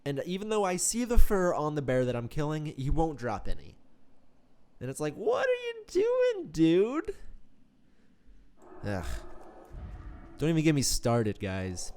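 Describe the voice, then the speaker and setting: Lively, joking man narrating his gameplay. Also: a little high, moderate pace, slight background noise. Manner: playful, joking, swings into mock melodrama. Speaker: let's play host. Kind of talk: casual gameplay commentary.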